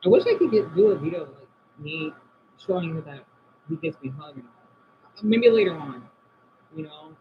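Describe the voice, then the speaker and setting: A man chatting casually on a live stream from home, answering viewers' comments and often trailing off quietly. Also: fairly high pitch, expressive, moderate pace, a little hiss or hum. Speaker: livestream host reading chat. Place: indoors at home by a window. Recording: dull lo-fi stream audio.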